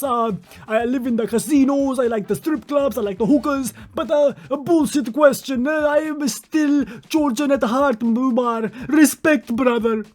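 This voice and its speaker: A man doing a mocking impression of a fighter who speaks halting, broken English. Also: very high voice, darkish tone, pitched above the performer's own voice.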